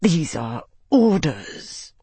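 A man's voice: mid-range voice, animated, moderate pace, slightly rough, dry recording. A man voicing a cold, menacing woman agent. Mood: curt. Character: cold hostile female agent.

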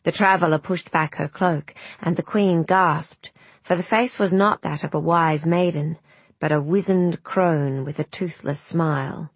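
A woman narrates a fairy tale in a measured, gentle way, her voice a little low and breathy. She reads very slowly and deliberately. The recording is dry and close. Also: steady tone, no room sound. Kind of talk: scripted storybook narration.

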